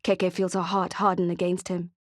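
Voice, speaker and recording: A woman narrating an audiobook thriller in a steady, expressive reading. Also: lowish voice, moderate pace, no room sound, clean studio sound. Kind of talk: scripted narration.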